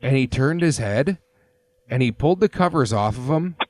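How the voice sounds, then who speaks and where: This casual sports podcast features a thirtysomething male host whose rambling stories are thick with fillers. He speaks at medium pitch and a moderate pace, expressive and a bit dark in tone, with no echo.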